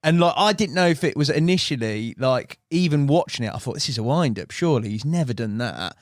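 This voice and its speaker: A man hosts a casual podcast and is chummy with his guest. He keeps his reactions short and quick. His voice sits at an ordinary pitch in a dry room. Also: lively intonation, no room sound. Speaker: podcast host.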